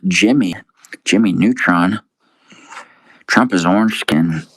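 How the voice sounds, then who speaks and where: A man's voice: sits low, a bit bright, dry recording, low-quality recording. A young man on a casual livestream, reading viewer comments aloud and answering them with crude, profane, laid-back banter, calling everyone dude. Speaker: live streamer.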